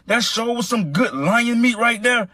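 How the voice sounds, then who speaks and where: A man's voice: very high-pitched, expressive, a little slow, bright, forceful tone, no echo, voice pushed up, heavily acted. A man voicing a sly lost dog that bluffs its way out of trouble in a told joke. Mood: bluffing.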